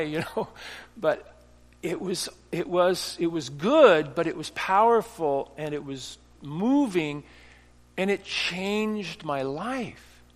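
Earnest preacher in a reverberant hall. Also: male voice, high-pitched, expressive, slow. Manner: earnest storytelling with restarts, swinging from hushed to emphatic. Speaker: pastor. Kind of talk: sermon.

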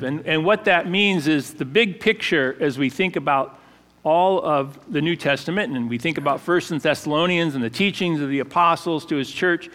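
A man pastor giving a conversational sermon, halting with fillers and restarts. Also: on the high side, a bit bright, long reverb tail.

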